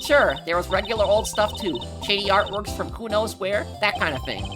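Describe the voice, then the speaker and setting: Gal putting on a folksy southern photographer lady, twangy drawl, pitched up high, game music behind. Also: lively intonation, normal speed, close to an everyday voice. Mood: evasive. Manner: chatty, folksy, higher than her own voice. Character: brash young woman photographer, folksy. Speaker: game voice-over player.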